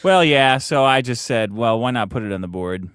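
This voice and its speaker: A man's voice: mid-range voice, lively intonation, moderate pace, a bit bright, smooth, dry recording, clean studio sound. A man co-hosting a podcast, tossing in blunt, wry remarks in casual chat. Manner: wry interjections, blunt opinions. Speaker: podcast co-host.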